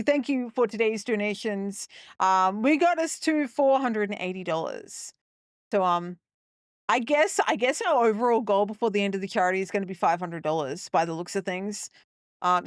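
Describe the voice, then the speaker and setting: A young woman talks through a live gameplay stream with a chatty, rambling manner, thanking and joking with her viewers. Her voice sits at a middling pitch and sounds close and dry, with almost no room around it. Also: no room sound. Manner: chatty and rambling, talking to chat.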